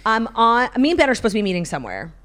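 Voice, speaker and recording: Woman co-host, quick and bouncy, casual giggly podcast banter. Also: a little high. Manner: animated, giggly, talks in quick bursts. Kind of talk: casual chat.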